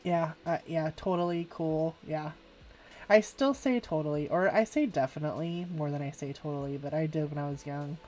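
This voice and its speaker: A rambling, laughing woman, chatting on a live stream as she colors. Her voice sits a little lower than most women's. Soft music plays faintly behind her. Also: moderate pace. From California, USA. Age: 40s. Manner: chatty, rambling, says "like" a lot, laughs often. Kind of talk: casual live-stream chat while drawing.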